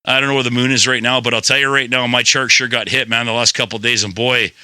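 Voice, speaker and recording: A man's voice: medium pitch, steady tone, quick pace, sharp tone, clean tone, no room sound. A man hosting a podcast in rambling, playful, swearing casual chat. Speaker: podcast host.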